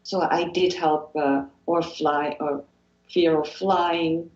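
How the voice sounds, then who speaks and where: A woman's voice: low-pitched, fairly even intonation, slow pace, a little mellow, roomy sound, lo-fi sound. A woman from Switzerland with a Swiss accent, a guest hypnotherapist talking earnestly in an interview and often repeating phrases and restarting sentences. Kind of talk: motivational interview talk.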